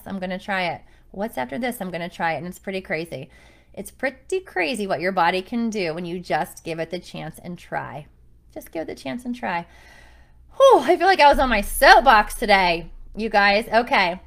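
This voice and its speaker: A woman's voice: mid-range voice, a bit bright. A woman in her thirties, a running coach, chatting to her group in an upbeat, encouraging way and acting out what people say. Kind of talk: casual chat to a running group.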